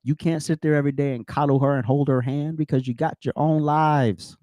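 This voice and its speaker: A man's voice: fairly high pitch, fairly even intonation, a little fast, dark tone, no room sound. Blunt profane man ranting. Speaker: host. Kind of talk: angry commentary on news clips.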